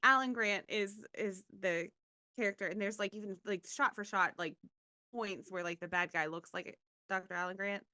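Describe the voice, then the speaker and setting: Woman teacher, podcast co-host, bright forward tone, rambling and giggly, dry mic. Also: medium pitch, normal speed, dry recording. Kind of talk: casual chat.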